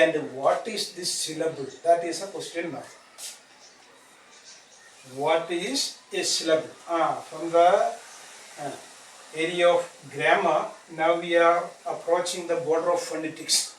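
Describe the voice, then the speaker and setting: Man teaching grammar, high voice, echoey room, mic far off, repeats himself, checks understanding. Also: slight background noise. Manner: repetitive, checks understanding with tag questions. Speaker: English teacher. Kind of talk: classroom grammar lecture.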